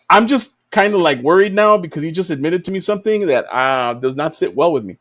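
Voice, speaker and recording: A man telling a story on a casual podcast over a video call, animated and swearing freely. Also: on the high side, normal speed. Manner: animated, swears freely, voices his own disbelief. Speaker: podcast co-host.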